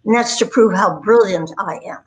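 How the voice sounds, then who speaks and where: A woman's voice: mid-range voice, normal speed, poor audio. A woman in her nineties, a voice performer, telling rambling anecdotes with self-deprecating humor in a chatty interview. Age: 90s. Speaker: guest, voice performer.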